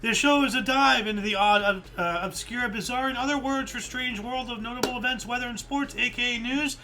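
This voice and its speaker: A man's voice: extremely high pitch, fairly quick, pushed and bright. A male host of a livestreamed news recap who reads odd stories aloud and then riffs on them, slightly out of breath.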